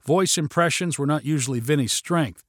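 A man narrating a story aloud in an animated way. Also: a little high, moderate pace, no room sound, studio quality. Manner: animated storytelling, shifting into character voices.

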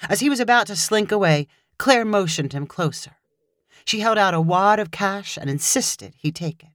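A woman narrating a short story in a measured, expressive reading voice. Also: medium pitch, dry recording, clean studio sound.

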